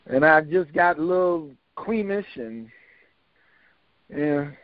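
A man's voice: on the high side, lively intonation, slow pace, dry recording. An older man telling a story in a casual, folksy, joking way. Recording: dull, lo-fi dry recording.

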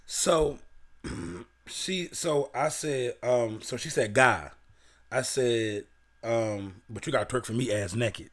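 A man's voice: mid-range voice, takes it slowly, fairly bright tone. A young man from Baltimore, a podcast co-host, casually telling a profane story and reading old messages aloud.

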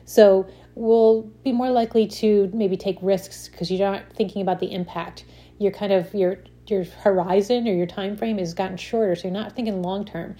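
A woman's voice: medium pitch, steady tone, moderate pace, warm tone. A woman giving a casual self-help talk, often checking in with "right?" and restarting her sentences. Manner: explains with frequent "right?" check-ins and examples. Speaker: speaker on stress and habits.

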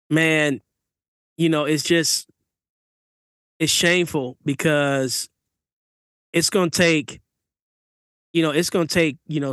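A man's voice: medium pitch, a bit bright, no room sound, clean studio sound. A man in casual conversation, talking things through in a reflective way with many fillers. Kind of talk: casual chat.

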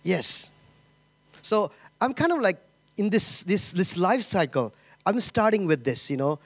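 A middle-aged man giving an informal sermon, halting and repeating himself, often saying "you know" and "okay?". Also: high voice, very animated, no room sound. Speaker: pastor.

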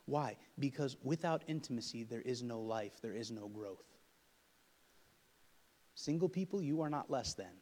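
A man preaching a sermon with humor, swinging from loud emphatic passages to quiet asides and acting out couples' quarrels. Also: medium pitch, lively intonation, normal speed, pauses often. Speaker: pastor. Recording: long hall reverb.

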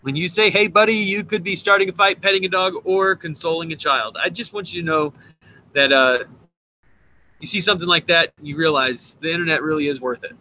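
Male co-host, wry and deadpan, a bit high, lo-fi muffled recording. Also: fairly quick. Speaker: podcast co-host. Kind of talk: casual comedy podcast chat. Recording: dull lo-fi mic with faint hiss.

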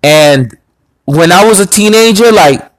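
A man's voice: high voice, lively intonation, measured pace, no room sound, poor audio. A man hosting a podcast, telling a personal story in a blunt, crude, boastful way. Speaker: podcast host. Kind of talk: casual storytelling monologue.

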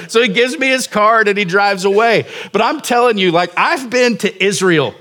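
Man, 40s, pastor, sermon, casual self-deprecating storytelling, higher voice. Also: animated, normal speed, few pauses, bright, forceful tone, a little hiss or hum.

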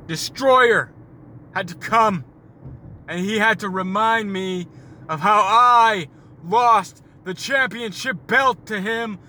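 A man's voice: sits high, bright, forceful tone, pitched above the performer's own voice, heavily acted. A man voicing a boastful 1980s pro wrestler cutting a promo, with grandiose, bellowing trash talk, recorded while driving a car. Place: inside a moving car. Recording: car road noise behind.

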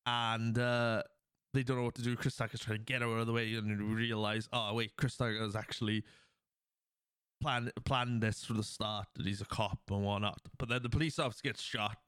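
A man's voice: fairly low pitch, little pitch movement, a little fast, a bit bright, smooth, no echo, clean studio sound. A man hosting a podcast, recapping a film's plot in a loose, rambling way with lots of fillers. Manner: acts out quoted lines. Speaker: podcast host. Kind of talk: casual film plot recap.

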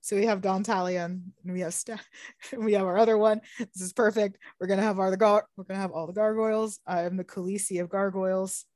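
A young woman co-hosting a casual podcast, talking in an animated way with frequent laughs and easy swearing. Her voice sits mid-range for a woman. The sound is dry and close, with no room around it. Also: mid-range voice, a little fast, no room sound. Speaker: podcast co-host. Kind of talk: casual chat.

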